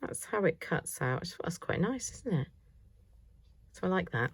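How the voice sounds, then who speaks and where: A woman's voice: on the low side, sing-song, moderate pace, husky, no echo. A middle-aged woman chatting casually through a craft haul, thinking aloud as she shows each item. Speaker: craft vlogger.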